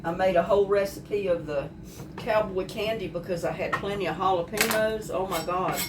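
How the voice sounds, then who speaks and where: A woman's voice: medium pitch, normal speed. A woman chatting homily to viewers while cooking, heard through a camera mic set back in her home kitchen. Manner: chatty, homey, addresses viewers directly. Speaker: home cook vlogger. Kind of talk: casual cooking demonstration. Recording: echoey kitchen, distant noisy mic.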